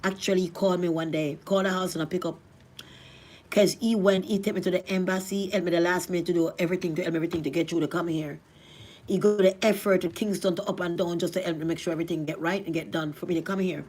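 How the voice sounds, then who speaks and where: A middle-aged woman from Jamaica with a Jamaican accent, telling her life story in a rambling, animated way. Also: quick pace, a little hiss or hum. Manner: rambling, animated, rising to cries at high points. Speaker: vlogger. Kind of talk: emotional storytelling.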